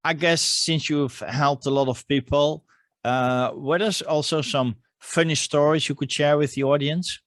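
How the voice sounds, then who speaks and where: A man hosting an interview show as a coach, speaking in a hesitant way with frequent pauses to search for words. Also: on the high side, fairly even intonation, a bit bright, no room sound, clean studio sound. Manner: hesitant, many "uh" fillers. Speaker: podcast host and coach. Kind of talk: interview conversation.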